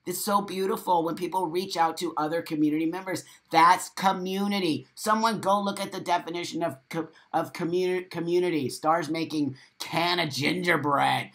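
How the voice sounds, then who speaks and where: A man's voice: fairly high pitch, normal speed, hardly any pauses. A man hosting a live morning stream, reading viewer comments aloud and reacting to them with emphatic, profane, repetitive talk. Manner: animated, with sudden loud exclamations. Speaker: host of a live morning show.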